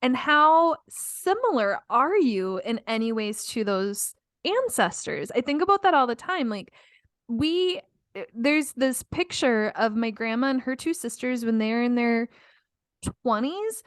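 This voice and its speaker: A woman's voice: a little high, lively intonation, a little slow, dry recording, studio quality. A middle-aged woman co-hosting a podcast in casual chat, talkative and laughing often. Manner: chatty, laughs often, many fillers. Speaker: podcast co-host.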